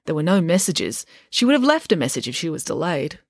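Expressive woman reading a children's story. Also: low-pitched, a little fast, dry recording, clean studio sound. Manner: wry, expressive. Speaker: narrator.

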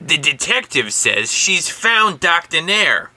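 A podcaster voicing a fierce, determined young woman with slow, deliberate, lowered lines while reading a storybook aloud. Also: sing-song, sharp tone, dry recording, heavily acted.

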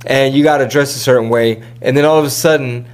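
Man, podcast host, casual chat, slangy, rambling, quick mocking impressions. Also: medium pitch, steady tone. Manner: rambling, slangy, mimics people in quick asides.

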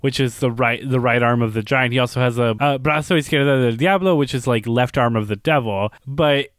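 Casting: male podcast host, native Spanish speaker, loose rambling chat, dry close mic, middle pitch. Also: brisk, dry recording. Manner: rambling, laughs often, many fillers.

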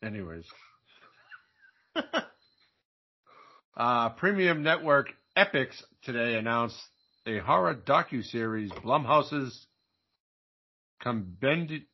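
A man with a medium-pitched, animated voice speaks slowly, leaving long pauses. As co-host of a movie podcast, he reads horror news aloud in a casual, joking manner and stumbles over words, and the recording has a dull lo-fi sound.

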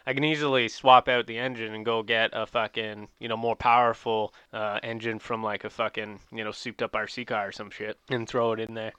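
A young man chatting casually, telling rambling, profane stories and getting loud when amused. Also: lowish voice, level tone, fairly quick, few pauses, clean tone, dry recording, dull audio. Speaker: podcast host. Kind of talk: casual chat.

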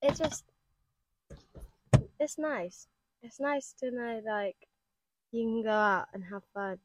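A woman's voice: fairly high pitch, slow pace, dry recording. Bubbly, giggly young-sounding woman. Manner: bubbly, laughs often, swears casually. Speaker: podcast guest. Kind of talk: casual chat. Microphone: podcast mic.

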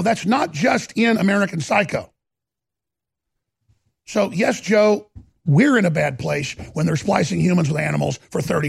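Ranting male talk host, heavy gravel and rasp in a fairly high voice, stuttering emphasis. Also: no room sound, studio quality. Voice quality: gravelly, raspy. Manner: ranting, emphatic, stammers and repeats words. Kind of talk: impassioned monologue.

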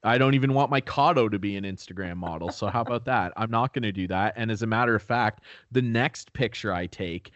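A man's voice: brisk, hardly any pauses, dry recording, muffled recording. Rambling young man on a podcast. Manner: rambling, animated storyteller who acts out quotes in high voices. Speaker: podcast co-host. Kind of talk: casual chat. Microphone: new podcast microphone.

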